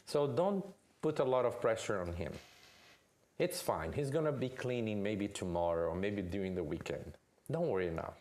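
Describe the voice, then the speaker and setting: A man's voice: on the low side, animated, normal speed, a little mellow, pitched below the performer's own voice, natural voice. A man voicing a tired father who coaxes his wife and his son in a weary tone. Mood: coaxing. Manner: coaxing, weary. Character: tired, hungry father coming home.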